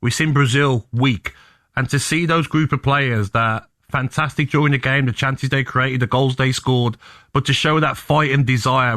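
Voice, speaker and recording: A man co-hosting a radio show, chipping in with quick, upbeat remarks. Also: mid-range voice, fairly even intonation, a bit bright, dry recording. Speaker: radio co-host. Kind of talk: casual studio banter.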